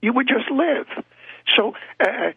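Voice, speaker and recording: Gravelly, raspy man on a phone line. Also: very high-pitched, lively intonation, no echo. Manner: halting, storytelling, restarts. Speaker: call-in guest. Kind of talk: talk radio phone-in.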